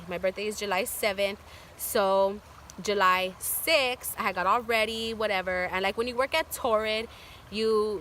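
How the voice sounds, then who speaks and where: Young woman, storytime vlogger, bright voice, rambling chatty delivery. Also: mid-range voice, slight background noise. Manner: chatty, filler-heavy with constant "like". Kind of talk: casual storytime.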